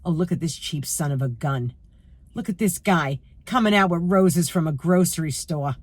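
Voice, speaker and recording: A woman's voice: low voice, moderate pace, husky, no echo. A middle-aged woman with a New York accent, chatting opinionatedly to her viewers in a vlog while stuffy with a cold. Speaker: vlogger.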